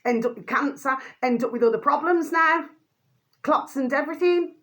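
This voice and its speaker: Speaking to the camera, a woman vents in an angry rant, using mild profanity and calling her viewers by the same pet phrase over and over. Her voice is high-pitched and fairly bright, at an ordinary speed.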